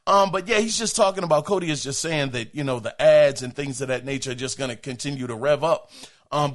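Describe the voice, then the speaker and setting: A man in his forties hosting a casual podcast, with a high voice that swings widely as he reacts. He reads email aloud and keeps breaking off into folksy exclamations. His talk is animated and chatty. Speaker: podcast host. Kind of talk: casual chat reading listener email.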